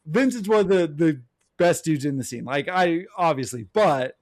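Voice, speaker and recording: A man co-hosting a podcast, telling a story in an animated way with bits of laughter. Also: fairly high pitch, normal speed, no room sound, studio quality. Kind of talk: casual chat, storytelling.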